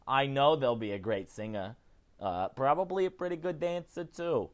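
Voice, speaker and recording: A man hosting a casual celebrity news show, chatty and animated, often tagging his lines with "okay?". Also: medium pitch, normal speed. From not British. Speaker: host.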